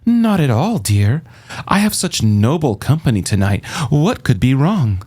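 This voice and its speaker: A man's voice: medium pitch, very animated, unhurried, darkish tone. A man reading an audiobook, voicing an old female gorgon who coaxes in a purring, soothing tone. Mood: sweetly coaxing. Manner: purring, coaxing.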